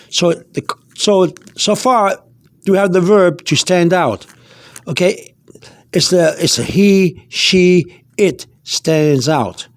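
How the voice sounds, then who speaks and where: A man's voice: sits high, dry recording. A man giving a casual spoken language lesson, repeating himself with many fillers and restarts. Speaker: language teacher.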